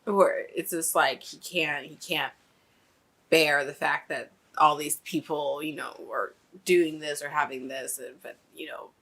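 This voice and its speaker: Woman, reaction host, bright voice, unhurried, emotional, trails off and restarts. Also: sits low, fairly even intonation. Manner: emotional, breaks off mid-sentence, nervous laughs. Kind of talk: casual reaction commentary.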